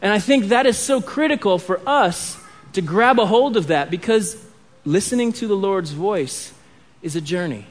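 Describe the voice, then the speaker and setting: A man preaching a sermon as a pastor. He reads scripture aloud, acting out its dialogue, and drops to a hush on key points. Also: high voice, animated, moderate pace.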